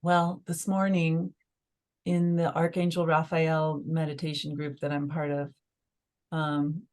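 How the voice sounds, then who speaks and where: A woman's voice: low voice, flat delivery, slow, a little mellow. A woman telling a personal story as a podcast guest in casual conversation, emotional and full of "like" fillers. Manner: emotional, filler-heavy, lots of "like".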